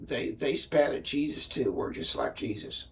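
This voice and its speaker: A man voicing a whiny, pleading caricature of a Southern American man, in a high, breathy, half-whispered voice with a Southern accent. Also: sing-song, moderate pace, recorded from a distance. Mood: whining. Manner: whining and pleading.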